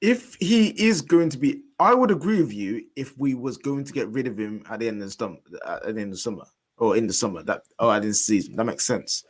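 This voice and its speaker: A man's voice: mid-range voice, lively intonation, fast talker. Questioning man on a football chat. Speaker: guest pundit.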